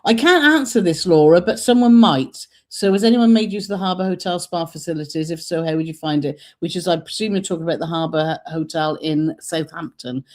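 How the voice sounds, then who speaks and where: A woman's voice: lowish voice, a little fast, hardly any pauses, a little mellow. A woman co-hosting a live travel stream, chatting and reading out viewer comments with frequent laughs. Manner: chatty, bubbly, laughs often.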